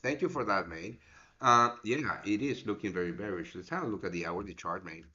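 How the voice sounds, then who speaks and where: Bright-toned man rambling through live market commentary. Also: fairly low pitch, fairly quick, muffled recording. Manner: casual and rambling, swears, calls viewers mate. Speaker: forex trading show host.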